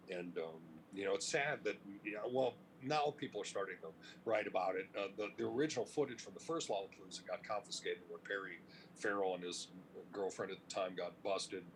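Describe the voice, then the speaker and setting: A middle-aged man from Cleveland, telling stories in a casual interview, animated and profane, laughing as he talks. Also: lowish voice, slight background noise, rough recording. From Cleveland, United States. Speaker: interview guest, music industry veteran.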